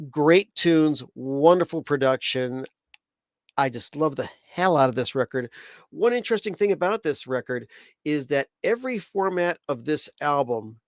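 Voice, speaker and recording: Male livestream host, somewhat high voice, dry close sound, rambling and enthusiastic. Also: no echo. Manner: chatty and enthusiastic, rambling with restarts. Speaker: livestream host, record collector. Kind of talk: casual livestream chat.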